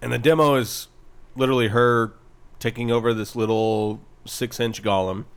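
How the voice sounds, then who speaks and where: A man's voice: mid-range voice, steady tone, moderate pace, clean tone. A man co-hosting a podcast, chatting casually in a blunt, profane, sarcastic way. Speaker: podcast co-host. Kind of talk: casual chat.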